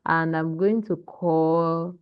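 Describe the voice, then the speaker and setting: Slow-speaking woman teaching online. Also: sits low, steady tone, clean tone, no echo. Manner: slow, deliberate modeling of pronunciation; checks in with "okay?" and "hmm?". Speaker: Portuguese language teacher. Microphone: video call. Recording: dull lo-fi call audio.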